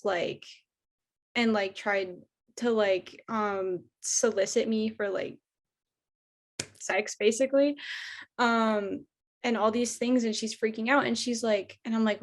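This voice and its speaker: A woman's voice: mid-range voice, fairly even intonation, unhurried. A young woman with a Michigan accent, telling an interviewer about her old sales job in a casual, chatty way full of "like" and "um". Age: young adult. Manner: chatty, heavy use of "like" and "um". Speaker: interviewee, former door-to-door sales trainer.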